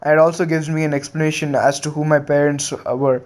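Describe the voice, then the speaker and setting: A man voicing a cheerful, sharp-witted young ninja boy, talking casually and unbothered in a retold fan story. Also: fairly high pitch, level tone, fast, lightly acted. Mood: explaining.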